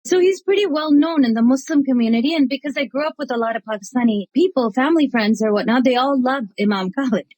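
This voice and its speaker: Husky-voiced woman telling lively stories. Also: sits high, fast talker, few pauses, no room sound, poor audio. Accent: American. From United States. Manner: lively, laughs often, acts out dialogue. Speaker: interview guest, artist and chaplain. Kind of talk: animated storytelling in conversation.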